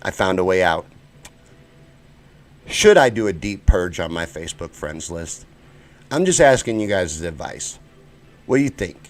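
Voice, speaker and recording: A man's voice: low-pitched, expressive, measured pace, long pauses. Heated, swearing American man ranting live. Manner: heated, profane, swings between shouting and muttering. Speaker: show host. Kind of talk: live-stream rant.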